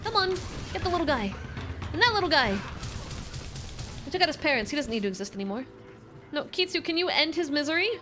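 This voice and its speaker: A woman's voice: sits high, very animated, quick pace, long pauses, over music. A young woman livestreaming a video game, giving playful, teasing running commentary to her chat and her in-game companion. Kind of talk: casual gameplay commentary.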